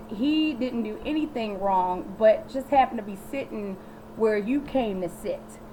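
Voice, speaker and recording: A woman's voice: a little high, slight background noise, rough recording. Sassy woman vlogger recapping a show. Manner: sassy, animated, talks straight to the viewer. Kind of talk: casual chatty recap.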